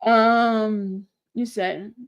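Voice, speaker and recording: A woman's voice: mid-range voice, fairly even intonation, very slow, clear, resonant tone, dry recording, highs cut off. A young adult woman hosting a casual livestream, chatting with viewers, reading their comments aloud and laughing often. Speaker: livestream host.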